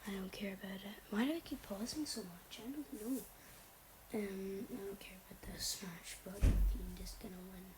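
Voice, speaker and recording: A woman's voice: medium pitch, moderate pace, noisy background. Young woman whispering wrestling picks. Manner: often drops to a whisper, rambling and blunt. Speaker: wrestling predictions vlogger. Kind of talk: casual chat.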